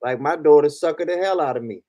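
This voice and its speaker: A man's voice: a little high, fast talker, mellow, dry recording. A man, a guest on a casual livestream chat, speaking frankly and telling stories about family. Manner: frank, storytelling.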